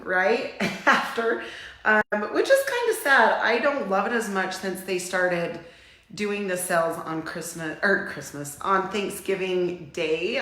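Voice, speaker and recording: A middle-aged Utah woman hosts a casual livestream, chatting warmly and rambling until she grows teary. Her voice is mid-range, and the sound carries reverb.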